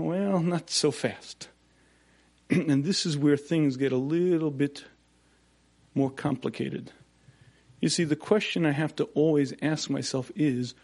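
Guy giving a torah talk, keeps clearing his throat, repeats himself for emphasis, voice a bit on the high side. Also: a little mellow. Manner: rhetorical questions and repetition. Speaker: religious teacher. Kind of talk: Torah lecture.

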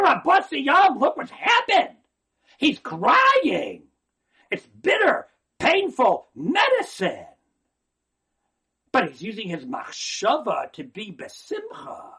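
A man giving an animated religious talk, swinging from hushed asides to near-shouting and often repeating words. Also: high voice, breathy edge.

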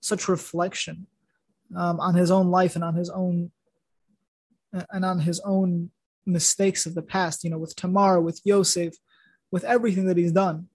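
High-voiced man retelling a Torah story. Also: flat delivery, moderate pace, no echo. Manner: rambling, many restarts and fillers. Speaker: podcast host.

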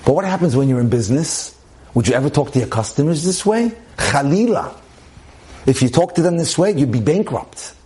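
A man's voice: fairly high pitch, animated, fairly quick, mellow. Emphatic man giving a Torah class. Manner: emphatic, repeats phrases for stress, drops in Hebrew terms. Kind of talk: relationship lecture.

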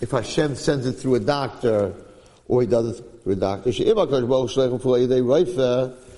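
A man's voice: medium pitch, brisk, mellow, big-room sound. A man teaching a Torah class in sermon style, telling a story emphatically and weaving in Hebrew phrases with repeated lines. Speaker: rabbi giving a Torah class.

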